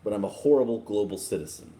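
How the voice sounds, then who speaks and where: A man from Texas hosting a casual livestream, chatting in a relaxed, chuckling, rambling way as he reads viewer comments. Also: on the low side, fast talker. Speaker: livestream host. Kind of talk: casual live chat reading viewer comments.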